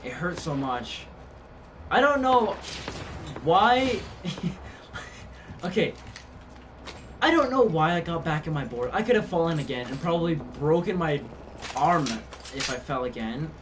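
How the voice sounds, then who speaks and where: A man's voice: on the high side, lively intonation, moderate pace. Young man streaming, distant noisy mic. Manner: rambling storytelling with many fillers and restarts. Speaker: game streamer. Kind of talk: casual live-stream chat. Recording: distant mic with background noise.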